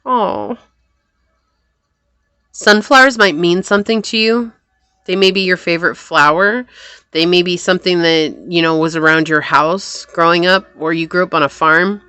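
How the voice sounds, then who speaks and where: A woman reading tarot cards for her viewers. She talks earnestly and thinks aloud as she works through the spread, in a slightly low but bright, forceful voice. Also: steady tone, normal speed, clear, resonant tone, no echo. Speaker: tarot reader. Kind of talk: pick-a-card tarot reading.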